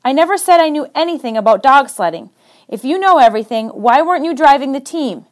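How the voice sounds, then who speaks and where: A woman's voice: sits high, expressive, fairly quick. A woman doing an earnest teenage city boy. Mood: exasperated.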